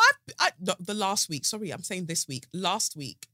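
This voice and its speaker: A woman in her thirties hosting a podcast in casual, animated chat, laughing often. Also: on the low side, moderate pace, no room sound, clean studio sound. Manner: chatty, animated, laughs and breaks into song. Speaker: podcast host.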